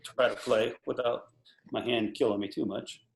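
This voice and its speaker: A man in his sixties giving a casual drum lesson over a video call, animated and counting off patterns as he explains them. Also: mid-range voice, moderate pace, gravelly, echoey room. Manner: animated, talks through patterns while counting off. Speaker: drum instructor.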